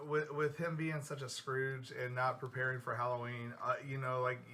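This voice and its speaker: A man's voice: mid-range voice, level tone, moderate pace, bright, forceful tone. A man co-hosting a podcast, chatting casually about a horror film and leaning on "like" as a filler. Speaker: podcast co-host. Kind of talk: casual chat.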